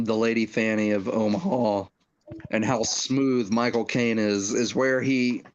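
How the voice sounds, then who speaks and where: A man co-hosting a casual movie podcast, rambling with lots of fillers and restarts. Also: mid-range voice. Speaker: podcast co-host. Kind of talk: casual film discussion.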